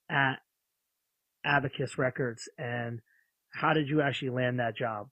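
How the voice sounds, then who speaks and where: A man's voice: mid-range voice, fairly even intonation, unhurried, long pauses, sharp tone, no echo, rough recording. Dry-voiced male interviewer. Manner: probing, direct questions. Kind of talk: interview questions.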